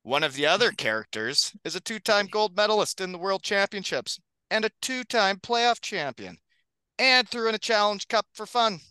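A man's voice: high-pitched, big pitch swings, normal speed, bright, forceful tone, clean tone, no echo. A man hosting a casual hockey podcast, upbeat and joking, often laughing. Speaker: podcast host.

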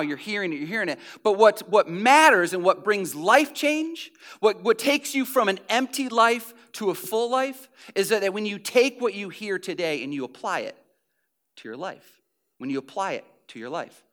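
High-voiced man preaching a sermon. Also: fairly bright tone. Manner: conversational preaching with repeated phrases and restarts. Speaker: pastor.

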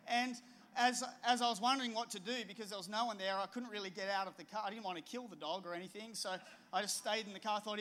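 Bright-voiced pastor preaching. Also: male voice, high voice, fast. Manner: storytelling, animated and conversational. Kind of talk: sermon with personal story.

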